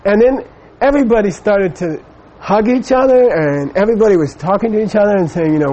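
A man's voice: high voice, brisk, hardly any pauses, warm tone, highs cut off, slight background noise. A middle-aged man giving a Buddhist teaching, telling a personal story in a rambling way with many fillers. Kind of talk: dharma talk with personal anecdote.

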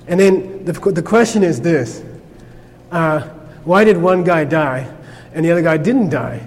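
A man's voice: a little high, unhurried, in a large hall. A man teaching a Buddhist class in a conversational way, checking in with his listeners with frequent "okay?". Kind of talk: informal class lecture.

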